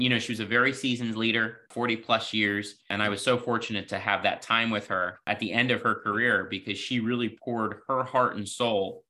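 A man's voice: fairly low pitch, bright, forceful tone. A man guest on a podcast interview, telling earnest stories about his career and often saying "you know". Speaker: podcast guest, healthcare executive. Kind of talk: reflective interview storytelling.

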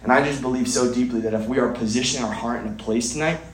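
A man's voice: mid-range voice, fairly even intonation, fast, roomy sound, a little hiss or hum, poor audio. A man preaching a sermon at a church gathering, earnest, often restarting and repeating words.

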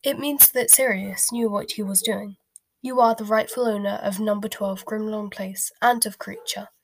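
A woman voicing a calm, polite elderly male wizard in a soft whispered role-play storybook reading. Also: medium pitch, natural voice. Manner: polite and unhurried.

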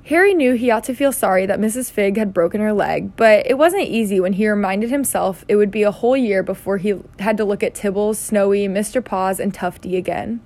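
A woman's voice: medium pitch, brisk, hardly any pauses, a little mellow. A woman reading a children's novel aloud in a casual way, with slips and self-corrections. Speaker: reader.

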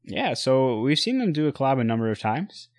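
A man co-hosting a casual chat about sneakers and streetwear, relaxed, with lots of fillers and restarts. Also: medium pitch, fairly quick, dry recording, clean studio sound. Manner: relaxed, many fillers and restarts, giving buying advice.

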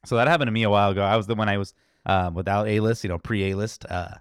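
A man's voice: lowish voice, fairly even intonation, racing, clear, resonant tone, dry recording, clean studio sound. A man in casual chat who tells stories eagerly and laughs often.

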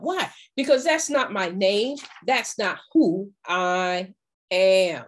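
A woman giving a faith-based motivational talk as a confidence coach, acting out little dialogues in an animated way. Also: medium pitch, slow pace.

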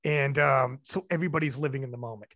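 A young man hosting a casual chat, telling stories in an animated, slangy way. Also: mid-range voice, quick pace, no room sound, clean studio sound. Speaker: podcast host and event commentator.

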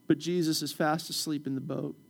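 A man pastor preaching a passionate sermon in a church, swinging from loud urgent calls to quiet prayer. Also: a little high, little pitch movement, fairly quick, vocal fry. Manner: impassioned preaching, rising loud then dropping soft.

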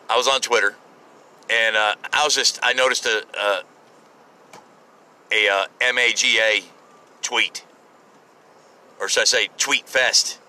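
A man's voice: medium pitch, pushed and bright, poor audio. A man in his forties hosting a solo podcast, talking bluntly and rambling with frequent restarts and swearing. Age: 40s. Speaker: podcast host.

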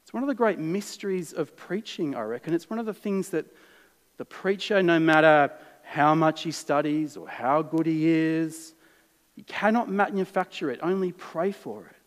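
An Australian man delivering a sermon with a notably high voice, chatty yet earnest, dropping to near-hushed stretches. The sound rings with the long reverb of a large church hall. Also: moderate pace. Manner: conversational, earnest, shifts between lively and hushed. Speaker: preacher.

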